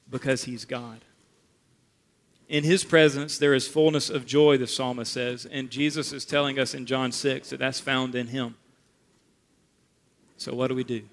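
A man preaching a sermon as pastor, emphatic, rising for stress and dropping low and quiet to make a point. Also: vocal fry, a little hiss or hum. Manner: emphatic, rises and drops for effect.

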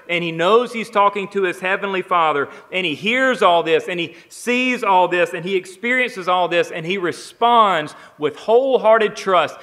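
A man preaching a sermon, emphatic, building on repeated phrases and swinging between quiet, slow lines and raised ones. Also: high voice, long reverb tail. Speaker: pastor.

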